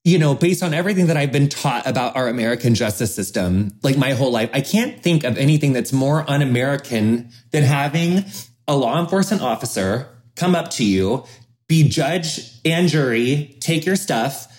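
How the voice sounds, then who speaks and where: A man's voice: mid-range voice, animated, moderate pace, darkish tone. A man hosting a podcast in casual conversation, rambling and emphatic, swearing often. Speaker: podcast host.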